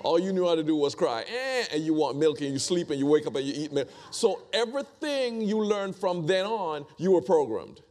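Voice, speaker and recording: A man's voice: on the high side, sing-song, moderate pace, hardly any pauses, a little mellow. A man preaching a conversational sermon, repeating phrases and asking the congregation rhetorical questions.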